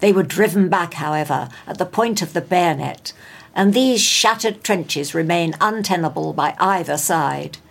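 A woman reading a local news bulletin in a steady, measured way. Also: on the low side, gravelly. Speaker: local radio news presenter.

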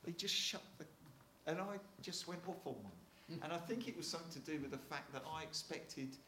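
This man in his sixties speaks in a fairly high, animated voice that sounds pushed and bright, at a fairly quick clip. A retired Royal Marine with a Hampshire English accent, he shares chatty anecdotes with an audience, frequently restarting and chuckling. The recording is reverberant, with a little hiss or hum.

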